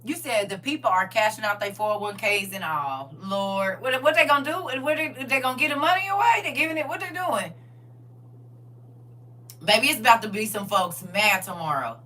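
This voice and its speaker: Livestream host, woman, bright tone, animated and slangy with chat. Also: mid-range voice, normal speed, distant mic, slight background noise. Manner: animated, laughing, talks back to chat with slang. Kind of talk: casual livestream chat reading viewer comments.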